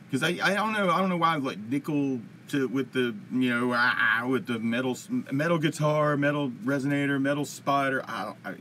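A man's voice: medium pitch, bright, forceful tone, slight background noise. A man hosting a casual live-streamed music Q&A, answering chat from his computer in a rambling, upbeat way with lots of fillers. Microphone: computer mic at a desk.

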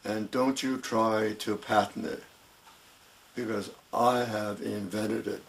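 A man in his eighties, an inventor and harp maker, making a homemade video announcement in a slow, deliberate, formal way with a dry humor. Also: fairly low pitch, fairly even intonation, vocal fry. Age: 80s.

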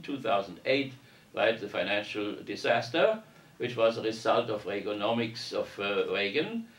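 A low-pitched man with a gravelly edge lectures to an audience, reading a text aloud and then talking it through in a rambling, explanatory way. He is heard from some distance in a reverberant room. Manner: discursive, reads passages aloud then comments on them. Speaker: university lecturer. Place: parish hall lecture room. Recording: roomy echo from a distance.

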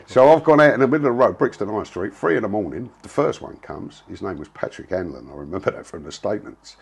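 A man's voice: fairly low pitch, lively intonation, fast talker, gravelly, slightly rough. A man, telling a story in a blunt, casual way, full of slang and swearing. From England. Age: 60s. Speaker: interviewee.

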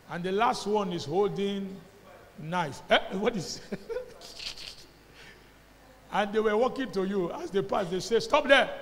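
Nigerian pastor preaching in a reverberant hall. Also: male voice. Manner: emphatic preaching, calls to the congregation, swings from loud shouts to low asides. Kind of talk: sermon. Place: church hall. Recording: long hall reverb, faint background noise.

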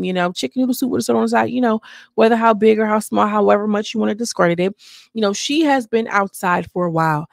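A woman giving a chatty, sassy recap of a reality show, acting out quotes in high voices. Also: vocal fry, dry recording, studio quality. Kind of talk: casual recap commentary.

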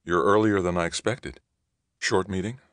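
A man voicing a curious, quick young woman in an audiobook reading. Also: low voice, a bit bright, no echo, voice pushed up.

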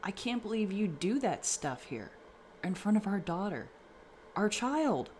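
A man's voice: on the high side, moderate pace, slight background noise, close to an everyday voice. A man voicing a furious but protective father in a read-aloud horror story. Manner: shouting, furious, then gentle.

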